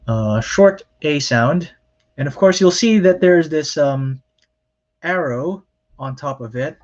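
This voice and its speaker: A man teaching a recorded language lecture, explaining slowly and patiently, with frequent pauses and filler words. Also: mid-range voice, dull audio. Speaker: Hebrew lecturer.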